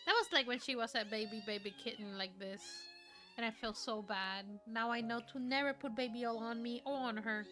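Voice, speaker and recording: A woman's voice: a little high, moderate pace, over loud music. A woman streamer chatting casually on a livestream, gushing and cooing in baby talk at a cat video. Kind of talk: casual livestream reaction chat.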